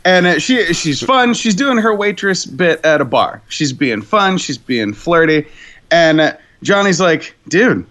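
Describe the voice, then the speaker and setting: High lively-voiced man telling a bar story. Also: unhurried. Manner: rambling storyteller, swears a lot, laughs often. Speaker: co-host. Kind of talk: casual podcast chat.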